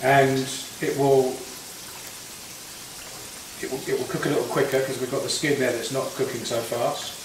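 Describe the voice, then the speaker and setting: Casting note: chatty home cook, mid-pitched, roomy kitchen, mic a bit distant. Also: male voice, flat delivery, normal speed, long pauses, a little hiss or hum. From England. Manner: chatty, rambling, with frequent restarts. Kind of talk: casual cooking demonstration. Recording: echoey kitchen, distant mic, frying sizzle.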